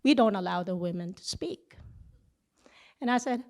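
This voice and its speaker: A middle-aged woman teaching a church session, telling a personal story with lively back-and-forth dialogue. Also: mid-range voice, normal speed, pauses often. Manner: animated storytelling, acting out both sides of a conversation.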